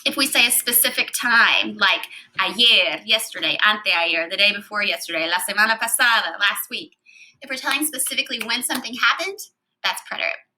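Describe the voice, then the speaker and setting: Bright-voiced woman teaching Spanish grammar. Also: mid-range voice, a little fast, poor audio. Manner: clear step-by-step explaining. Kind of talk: recorded classroom lecture.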